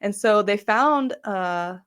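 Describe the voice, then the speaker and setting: A traditionally published novelist joins a casual live-stream as a guest over a video call, chatty and enthusiastic, with plenty of filler and restarted sentences. Her medium-pitched voice is clear, resonant, and a bit bright, and she speaks slowly.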